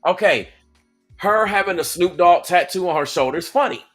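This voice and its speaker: A man hosting a casual reaction video, talking straight to his viewers in an animated way. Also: sits high, normal speed, faint music behind.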